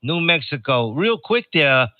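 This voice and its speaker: A man's voice: fairly high pitch, very animated, background noise. Older man, from New York, chatty radio host, joking, tinny radio transmission. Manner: chatty, joking, reads call signs slowly. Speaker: ham radio net host. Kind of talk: casual radio chat.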